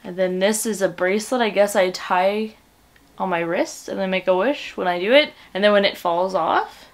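A young woman, a book vlogger and teacher, chatting excitedly and gushing as she unboxes book mail. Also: medium pitch, normal speed. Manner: gushing, excitable, swearing with joy. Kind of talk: casual vlog chat while unboxing.

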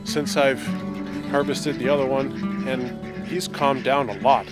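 A man casually narrating his day on a small farm, relaxed and chatty. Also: takes it slowly, loud music behind the voice. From Canada. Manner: relaxed, chatty, talks to animals in a high coaxing voice. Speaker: farm vlogger. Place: outdoors on a farm.

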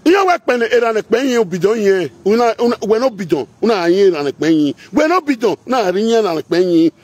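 Man, Edo Pidgin accent, high-pitched, husky, confrontational, chanting rant. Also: very animated, quick pace, darkish tone, no room sound. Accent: Nigerian Pidgin, Edo. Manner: confrontational, chanting, singsong repetitions. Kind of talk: heated rant mixing chant and speech.

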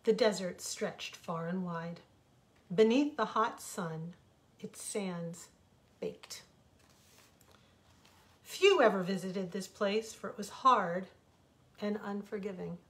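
A woman author reads her own fable aloud at an unhurried pace. Her telling is expressive and reflective, like a storybook reading. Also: mid-range voice.

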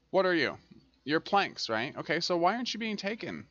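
In a dry, echo-free but dull-sounding clip, a gaming host with a high-pitched, pushed and bright voice speaks briskly with big pitch swings. His casual let's-play of a transport tycoon game includes plenty of scolding when it goes wrong.

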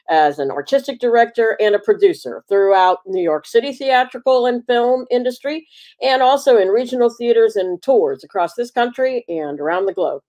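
A woman's voice: medium pitch, a little mellow. A woman hosting an online forum, reading a presenter's introduction with small stumbles, on a video call. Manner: reads the bio with small stumbles.

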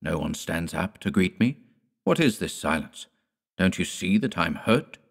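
A man's voice: low-pitched, big pitch swings, measured pace, heavily acted. A man doing Gorcha, a hollow-voiced sinister old man. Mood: cold. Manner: cold, irritable, menacing. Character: sinister old man returned, stern and hostile.

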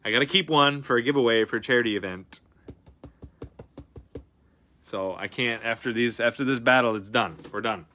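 A man hosting a live card-breaking stream, chatting casually and slangy, flipping between loud excited bursts and quiet breathy mutters. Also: medium pitch, moderate pace, long pauses, slight background noise. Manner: slangy, says dude and bro a lot.

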